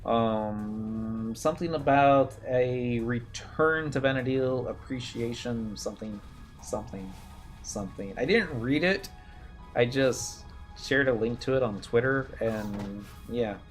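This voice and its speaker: A man's voice: mid-range voice, slow. A man in his thirties giving casual gameplay commentary, rambling and reminiscing with self-mocking asides. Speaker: game streamer. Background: game music.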